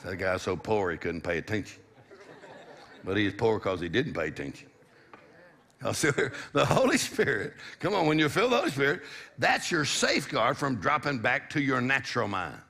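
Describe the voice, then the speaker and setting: A man's voice: medium pitch, sing-song, normal speed, creaky, bright, forceful tone. A middle-aged man preaching a sermon, exhorting the congregation with call-and-response and a repeated "come on".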